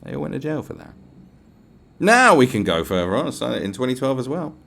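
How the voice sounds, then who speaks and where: A man's voice: medium pitch, sing-song, a little fast, creaky, a bit bright. A man with a British accent hosting a podcast, ranting in a casual, profane, sarcastic way. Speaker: podcast host.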